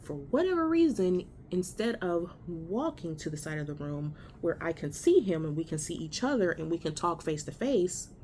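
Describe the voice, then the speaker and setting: A woman's voice: lowish voice, sing-song, normal speed, hardly any pauses, a little mellow, a little hiss or hum. A woman telling a story in a casual vlog from a hospital room, blunt and profane, exasperated as she recounts it. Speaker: vlogger.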